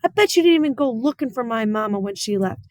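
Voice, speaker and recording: A woman's voice: fairly high pitch, a little fast, dry recording, clean studio sound, pitched above the performer's own voice, natural voice. A woman voicing a spirited, stubborn young girl who talks in a raised, emphatic way. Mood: shouting.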